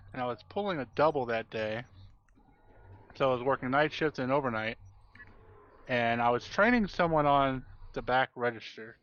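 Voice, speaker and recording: A man's voice: medium pitch, fairly bright tone, no echo, lo-fi sound. A young man chatting on a live game stream, telling a story and acting out the exchanges he quotes. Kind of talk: casual chat while gaming.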